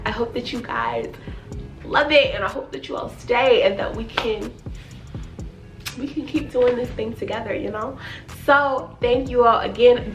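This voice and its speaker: A woman's voice: on the high side, fairly bright tone. A woman fashion vlogger talking straight to her viewers in a casual, chatty way, repeating phrases for emphasis. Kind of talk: casual direct-to-camera vlog.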